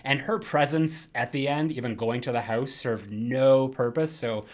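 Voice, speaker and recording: A young man co-hosting a casual film podcast, rambling and animated, mocking characters in quick put-on quotes. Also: mid-range voice. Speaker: podcast co-host.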